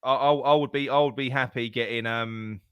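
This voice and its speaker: A man's voice: medium pitch, fairly even intonation, brisk, clear, resonant tone, dry recording, highs cut off. Man, podcast co-host, heated fan chat, lots of swearing and restarts, dry mic. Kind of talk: casual football chat.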